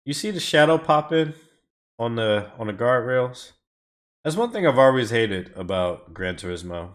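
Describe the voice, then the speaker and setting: His medium-pitched voice is very animated and moderately paced as he live-streams time trials from home. He drives, rambles, curses a lot and talks back to the chat.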